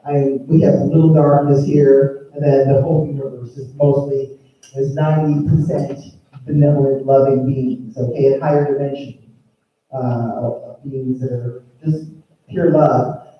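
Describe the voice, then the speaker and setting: A woman's voice: very deep voice, flat delivery, a little slow. A woman giving a spiritual talk while presenting slides. She is enthusiastic and rambling, with many restarts. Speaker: speaker presenting slides to an audience. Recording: echoey, distant and dull.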